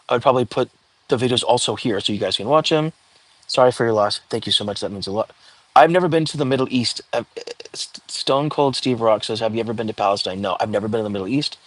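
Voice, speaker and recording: A man's voice: mid-range voice, a bit bright, dry recording, poor audio. Chatty man reading out his livestream chat. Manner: chatty, answers questions from the chat. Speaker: livestream host. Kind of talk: casual livestream chat, reading viewer comments.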